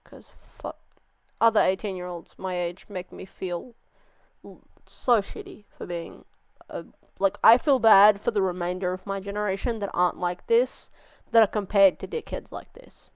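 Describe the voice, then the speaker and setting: A woman's voice: medium pitch, fairly even intonation, moderate pace, clear, resonant tone, no room sound. A young woman hosting a reaction video, ranting and swearing in exasperation. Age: young adult. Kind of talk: casual reaction commentary.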